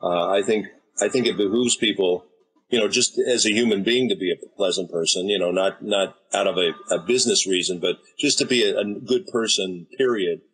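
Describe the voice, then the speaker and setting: Husky american guy in his 50s, kinda low voice, chatting about voice work in a relaxed way. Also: a little fast, low-quality recording. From United States. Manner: easygoing, anecdotal storytelling. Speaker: voice actor and director guest. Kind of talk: casual interview talk.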